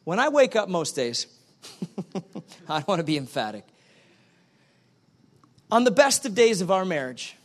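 A middle-aged male pastor preaching a sermon, animated and acting out both sides of little dialogues. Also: sits high, measured pace, long pauses.

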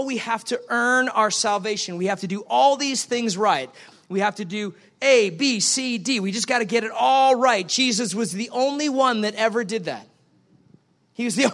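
A middle-aged male pastor preaching a sermon, animated and acting out both sides of little dialogues. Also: very high-pitched.

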